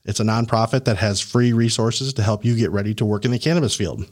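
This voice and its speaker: A man hosting a podcast, coaching a guest in a casual, animated way, laughing and acting out the people he quotes. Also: fairly low pitch, quick pace. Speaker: podcast host and career coach.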